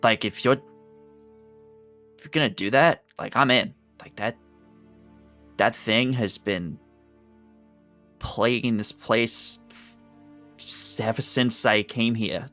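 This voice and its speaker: A man playing a nervous young former camper, talking in halting, hesitant bursts with some swearing. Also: medium pitch, sharp tone, soft background music. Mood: resolute. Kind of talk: in-character tabletop role-play.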